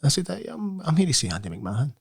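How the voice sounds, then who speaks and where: A man's voice: a little high, very animated, quick pace, gravelly, husky. Chatty man telling golf stories. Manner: chatty anecdotal storyteller, jokey. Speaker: podcast co-host. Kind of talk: casual golf banter.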